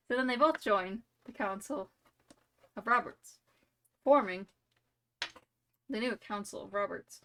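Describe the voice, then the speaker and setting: A woman's voice: mid-range voice, measured pace, pauses often, sharp tone. A woman streamer telling a silly made-up story during a live game, rambling and playful, full of "like" and "you know".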